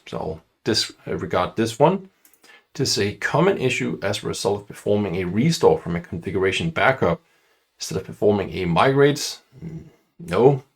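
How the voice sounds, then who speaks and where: An IT certification instructor with a lowish, husky male voice reads an exam question aloud. He then talks it through out loud, hesitating often, with many fillers and restarts.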